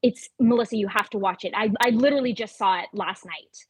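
A woman guest on a podcast, chatting casually and telling stories with quick one-word answers. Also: mid-range voice, husky, no echo. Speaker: guest actor.

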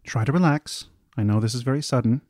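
A man voicing a calm, caring woman cleric who tends the wounded. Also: mid-range voice, fast talker, dry recording, studio quality, natural voice. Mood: reassuring. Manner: calm, reassuring.

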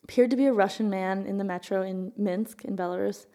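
Gravelly-voiced woman explaining casually. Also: mid-range voice, fairly quick, dark tone. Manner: rambling, searching for words. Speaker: podcast co-host.

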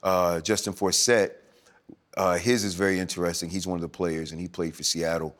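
Deep, soft-spoken man. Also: fairly even intonation, fairly quick. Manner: soft, smooth, melodic speech. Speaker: guest, former NFL running back turned actor. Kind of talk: podcast interview.

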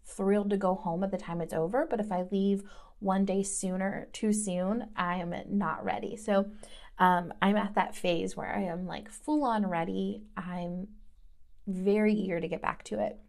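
A woman's voice: mid-range voice, fairly even intonation, moderate pace, a little mellow. A woman in her thirties from the American South, hosting in a casual, rambling chat style with many fillers. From Southern United States. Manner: chatty and rambling, lots of "like". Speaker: host.

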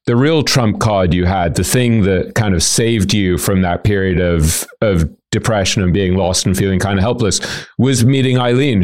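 A man's voice: fairly low pitch, darkish tone. A man with a British accent hosting an interview podcast, thoughtful and reflective as he asks questions. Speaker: podcast host. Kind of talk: casual interview conversation.

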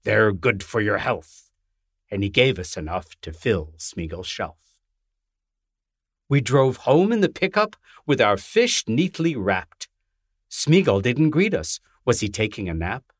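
A man, the author, reading his rhyming children's book aloud in a gentle, lilting way. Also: fairly low pitch, no echo, clean studio sound.

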